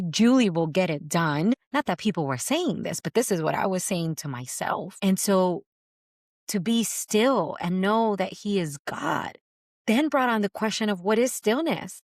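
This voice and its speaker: A woman's voice: medium pitch, animated, a little slow, dry recording, clean studio sound. A woman hosting a faith podcast, giving an earnest, reflective teaching that repeats phrases for emphasis and quotes scripture.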